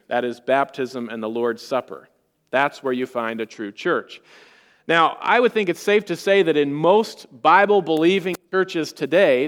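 A man preaching a sermon as pastor, measured and earnest, with a reverent tone when he prays. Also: on the high side, fairly bright tone, big-room sound.

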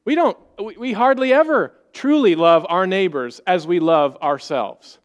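Male pastor, high voice, earnest conversational sermon delivery, rhetorical questions to the congregation. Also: animated, measured pace, lo-fi sound.

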